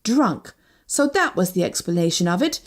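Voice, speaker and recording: A woman narrating a first-person novel as an audiobook, reading expressively. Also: normal speed. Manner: expressive, shifting pitch with each character.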